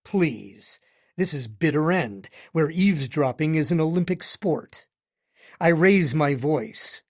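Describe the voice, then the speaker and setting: A man's voice: on the high side, animated, slow pace, a little mellow. A man narrating a romance audiobook in first person with a wry, smug, joking manner.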